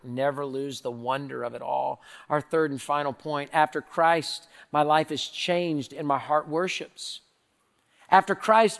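A man preaching a sermon, moving from hushed, prayerful lines to loud, emphatic ones. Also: fairly high pitch, steady tone, unhurried, creaky, long reverb tail. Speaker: pastor.

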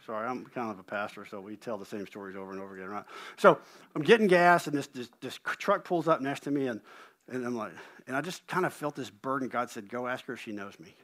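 A middle-aged man preaching a sermon as pastor, an animated storyteller who pokes fun at himself and repeats words when he gets going. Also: medium pitch, fast. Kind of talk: sermon with personal stories.

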